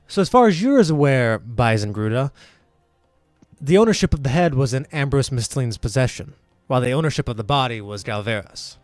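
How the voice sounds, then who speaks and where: Man playing stern court interrogator, formal and measured. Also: medium pitch, animated, no echo, faint music behind, lightly acted.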